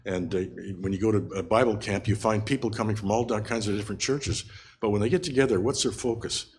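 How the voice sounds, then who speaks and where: Low-voiced older man giving Bible teaching. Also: darkish tone, slight background noise. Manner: halting, frequent restarts and fillers, earnest. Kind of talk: unscripted Bible study sermon.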